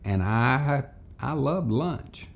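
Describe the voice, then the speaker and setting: A man telling a folksy childhood story as a lesson for children and parents. His voice swings widely in pitch with lively expression, carrying a gravelly rasp through it. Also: very slow.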